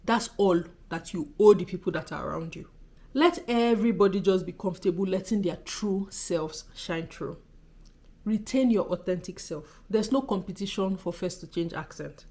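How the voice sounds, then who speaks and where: Speaking with a darkish, lowish voice at a moderate pace, this young vlogger from Nigeria addresses the camera head-on in her Nigerian accent. She sounds exasperated and forceful, throwing out one rhetorical question after another.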